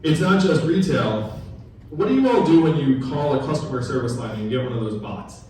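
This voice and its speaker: A man's voice: mid-range voice, animated, fairly quick, warm tone, distant mic, slight background noise. A man giving a campaign speech at a town hall gathering, talking conversationally and quizzing the audience with questions. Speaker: political candidate. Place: large echoey room at a political gathering. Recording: very echoey room recorded from afar.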